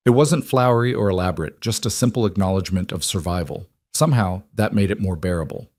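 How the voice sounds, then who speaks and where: Male storybook narrator, low, steady, measured, dry sound. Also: no echo.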